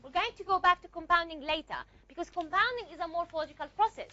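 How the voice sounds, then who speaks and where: High-voiced woman teaching a lecture. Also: quick pace, pushed and bright, highs cut off. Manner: repeats and asks rhetorical checks, with frequent fillers. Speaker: linguistics teacher. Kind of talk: recorded classroom lecture.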